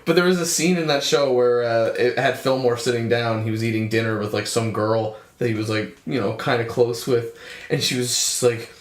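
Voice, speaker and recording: A man's voice: medium pitch, fairly quick. A young man co-hosting a podcast, telling stories with lots of swearing and acting out scenes in casual chat. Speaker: podcast co-host. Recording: roomy sound.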